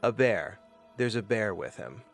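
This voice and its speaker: A low-voiced man narrating as the game master of a tabletop fantasy game, rambling loosely and restarting his sentences. Faint music plays underneath. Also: big pitch swings, a little slow, creaky.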